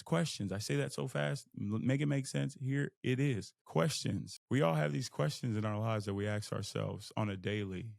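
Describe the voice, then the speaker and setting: Gravelly man giving an animated pep talk. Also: no room sound, studio quality. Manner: animated, jumps into high excited pitch and laughs at himself. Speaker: podcast host. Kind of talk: casual motivational monologue.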